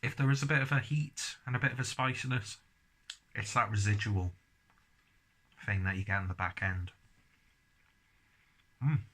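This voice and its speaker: Husky, low-voiced man reviewing beer. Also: fairly even intonation, moderate pace, long pauses, a bit bright. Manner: chatty, talks while chewing. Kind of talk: casual tasting review.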